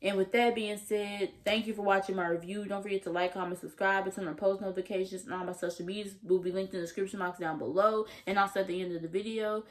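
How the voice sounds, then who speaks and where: A young woman TV review vlogger speaks quickly with few pauses in a mid-range voice and fairly even intonation. She gives a gushing, slangy recap of an episode, acting out quotes from the characters.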